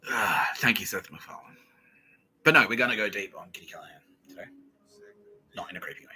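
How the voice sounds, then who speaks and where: Male podcast host, lowish and very bright-toned, rambling and profane. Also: expressive, fast, slight background noise, low-quality recording. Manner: rambling and profane, laughs often. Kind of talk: casual monologue.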